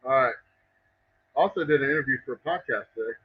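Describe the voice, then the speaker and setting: A man's voice: mid-range voice, fast, breathy edge, lo-fi sound. A man chatting casually on a live stream while he works in his distillery shop, rambling, wry and self-mocking, swearing freely. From Texas.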